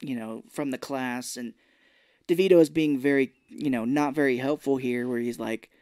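A podcast co-host with a medium-pitched voice speaks at a moderate pace in a dry, clean studio recording. He chats casually about a film, retelling the plot with animation and acting out the characters' lines.

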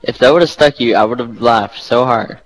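A man's voice: mid-range voice, brisk, low-quality recording. A young man complaining in exasperation over party chat while gaming.

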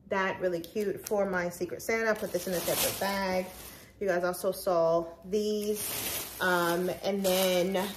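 A woman's voice: mid-range voice, noisy background. A woman in her thirties chatting casually to her viewers in a daily vlog, talking straight to the camera. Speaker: vlogger. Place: store and then home.

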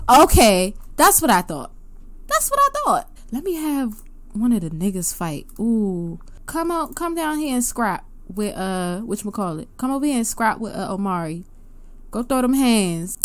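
A woman hosting her gaming channel, giving excitable casual commentary with loud gasps and outbursts. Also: medium pitch. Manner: excitable, gasping and laughing reactions, loud outbursts.

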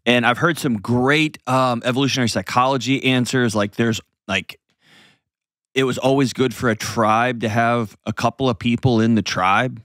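A man's voice: medium pitch, steady tone, normal speed, fairly bright tone, no room sound, studio quality. A man hosting an advice show, explaining parenting earnestly and acting out little scenes in changed voices.

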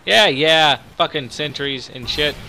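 A young man hosting his own channel, giving excitable, profanity-laden live commentary while playing a game. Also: on the high side, a little slow, gravelly, a little hiss or hum. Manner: excitable, swears a lot, reacts loudly. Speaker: gaming channel host.

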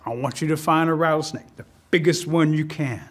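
A man voicing a calm, all-powerful creator spirit in a spoken folk tale, slow and solemn. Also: fairly high pitch, voice pushed down, lightly acted. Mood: commanding.

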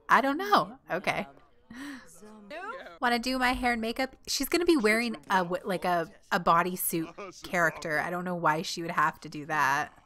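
A young woman giving casual, giggly let's-play commentary, gushing and voicing her character in quick asides. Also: fairly low pitch, pushed and bright. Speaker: gameplay commentator.

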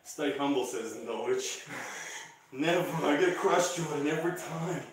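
A man leading a live-streamed arm wrestling session, chatting casually, laughing often and shouting during matches. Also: a little high, measured pace, background noise. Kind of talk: casual live-stream chat while training. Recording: echoey room from far off.

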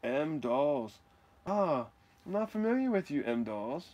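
A man's voice: on the high side, unhurried, lo-fi sound. A man streaming live, opening card mail and chatting with viewers, whooping and laughing often. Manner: animated, whoops and laughs often, talks to chat. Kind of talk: excitable live stream mail-day chat.

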